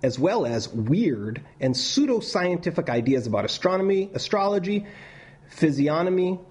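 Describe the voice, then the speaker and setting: A man teaching a class, telling stories in a loose, animated way with many restarts and reading passages aloud. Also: fairly high pitch, moderate pace. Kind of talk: lecture with read-aloud passages.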